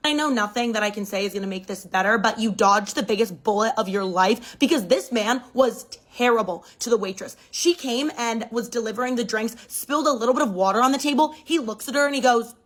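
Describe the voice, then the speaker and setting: A woman's voice: fairly high pitch, fairly quick, few pauses, fairly bright tone, low-quality recording. Blunt, scathing woman telling gossip. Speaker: storyteller. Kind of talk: casual gossip storytime.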